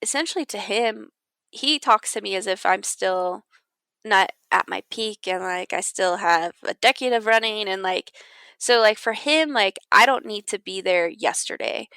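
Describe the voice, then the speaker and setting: Smooth-voiced woman chatting casually. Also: mid-range voice, moderate pace, pushed and bright, no echo. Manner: chatty, filler-heavy, quotes herself and others. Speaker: professional mountain runner, guest. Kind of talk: casual interview talk.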